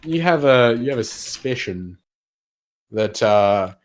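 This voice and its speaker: A man running a tabletop game as game master, narrating in a halting way full of fillers and laughs. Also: mid-range voice, lively intonation.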